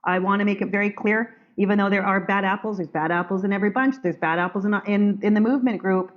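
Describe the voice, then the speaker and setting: A woman's voice: medium pitch, fairly even intonation, fast. A woman hosting a group video call, talking in a blunt, firm way with many restarts. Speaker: call host. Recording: dull lo-fi call audio.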